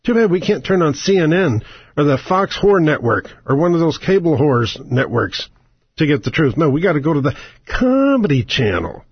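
Man ranting on talk radio, husky voice, dry dull lo-fi sound, sarcastic, swearing. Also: fairly high pitch, very animated, moderate pace, no room sound. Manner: angry, sarcastic, profane, rhetorical questions. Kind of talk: ranting political monologue.

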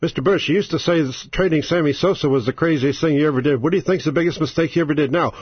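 A man's voice: on the high side, rapid-fire, hardly any pauses, slightly rough, no room sound, highs cut off. A male talk radio host giving an opinionated monologue in a sarcastic, combative manner. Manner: sarcastic, combative, rising to exasperated outbursts.

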